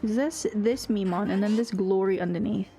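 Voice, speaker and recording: A woman's voice: medium pitch, steady tone, normal speed, dark tone, faint music behind. A young woman streaming a game, chatting casually with viewers, reading chat aloud and giggling often. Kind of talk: casual live-stream chat while gaming.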